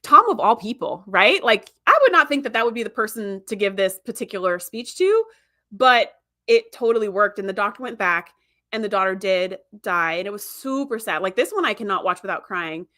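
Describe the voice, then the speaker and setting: A woman's voice: mid-range voice, lively intonation, normal speed, pushed and bright. A woman podcast host casually retelling a TV episode in a chatty, rambling way, full of "like" and "you know". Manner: chatty, filler-heavy storytelling with many "like"s.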